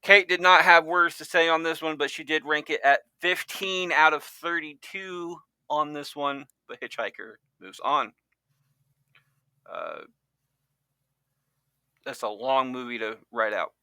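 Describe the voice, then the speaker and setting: A man hosts a casual podcast chat with a strikingly bright, forward voice. He rambles and restarts his sentences often. The sound is dry and close. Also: on the high side, steady tone, measured pace, pauses often, clean tone, no room sound. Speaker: podcast host.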